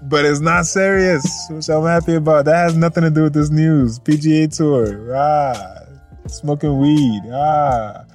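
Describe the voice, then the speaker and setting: A man's voice: a little high, unhurried, darkish tone, faint music behind. A man hosting a casual news podcast, laid-back and rambling, swearing and laughing often. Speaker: podcast host.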